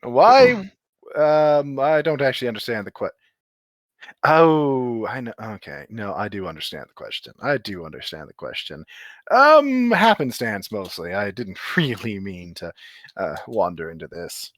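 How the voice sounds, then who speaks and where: A genteel, guarded gentleman adventurer with clipped, proper speech, played by a man. His pitch swings widely, and his voice is dry and close to the mic. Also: huge pitch swings, measured pace, no room sound. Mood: polite. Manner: clipped, genteel, politely evasive. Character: polished, secretive male adventurer, proud and guarded.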